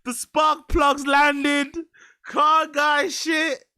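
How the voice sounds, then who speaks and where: A man mimicking a squeaky bragging car guy. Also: little pitch movement, drawn-out words, exaggerated voice. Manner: squeaky, stretched-out, shouting. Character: giddy man bragging about car parts.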